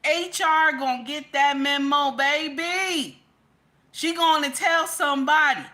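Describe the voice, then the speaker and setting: A woman speaks slowly in a high, pushed, bright voice with fairly even intonation, chatting to her viewers as a social media commentator. Her emphatic remarks keep returning to "okay?", and she names her audience "baby" and "y'all."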